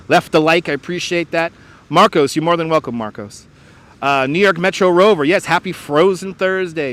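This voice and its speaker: A man's voice: on the high side, a bit bright. Chatty man hosting a beach live stream. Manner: chatty, reads out viewer comments and greets them by name, laughs often. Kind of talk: casual live-stream chat. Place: outdoors on a frozen beach. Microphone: wireless clip-on mic.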